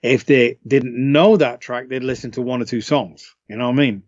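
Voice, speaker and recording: A man chats easily about his records, loose and good-humored, laughing as he goes. His mid-pitched voice sounds muffled and lo-fi, with no room echo at all. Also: moderate pace, a little mellow. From United Kingdom. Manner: laid-back, chatty, laughs often. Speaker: singer being interviewed. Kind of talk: casual interview storytelling. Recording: dull, lo-fi, dry call audio.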